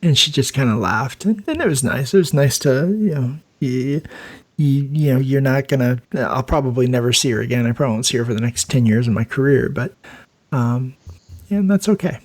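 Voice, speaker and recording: A man who hosts a nursing podcast tells work stories in a casual chat, speaking fairly quickly in an animated, medium-pitched voice. He's laid-back, laughs often, and acts out the voices he quotes.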